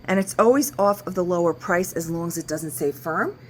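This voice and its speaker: A woman's voice: fairly low pitch, a little fast, slight background noise. A woman who owns an antique shop, walking through it casually, chatting about items and working out discounts aloud. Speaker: antique shop owner showing items for sale. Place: indoors in a large antique shop.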